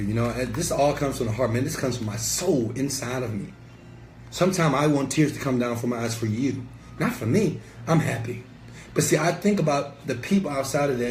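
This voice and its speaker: A man's voice: medium pitch, a little mellow. A man giving a passionate, preachy motivational talk to camera as an entrepreneur and mentor, emphatic and sometimes swearing. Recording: echoey room with faint ambient noise.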